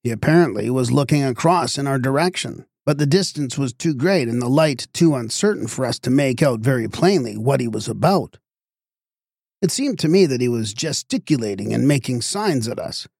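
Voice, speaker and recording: A male narrator reading a literary tale in measured, expressive tones. His voice has a gravelly texture. The audiobook recording sounds dry and close, with no room behind it. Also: mid-range voice, no room sound.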